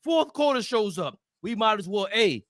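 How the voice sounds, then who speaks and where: A very high-pitched man rattles through a post-game recap with hype and loud trash talk. His voice sits close and dry on the mic, with no room sound around it. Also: very animated, normal speed, no room sound. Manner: hyped, trash-talking, shouts insults. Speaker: podcast co-host.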